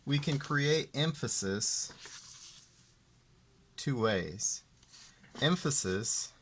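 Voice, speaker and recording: A man teaching art, explaining ideas slowly and deliberately and repeating the key terms. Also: medium pitch, animated, fairly bright tone. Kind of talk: classroom explanation.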